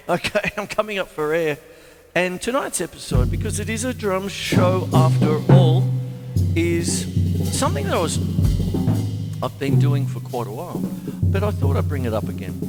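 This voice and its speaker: A man with an Australian accent hosting a drum show livestream in casual chat, animated and jokey, breaking into exclamations. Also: a little high.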